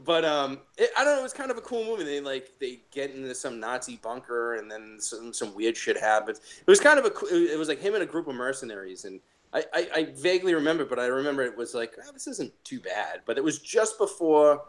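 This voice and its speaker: A man chatting casually as a podcast guest, telling stories with animated, profane energy. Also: medium pitch, quick pace. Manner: animated, laughing, profane storyteller. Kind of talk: casual chat.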